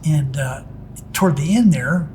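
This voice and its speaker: A man's voice: fairly high pitch, measured pace, darkish tone, a little hiss or hum. A middle-aged man who works as a pinstriping artist tells stories about his work in a casual interview, rambling and restarting with plenty of "it's like" asides.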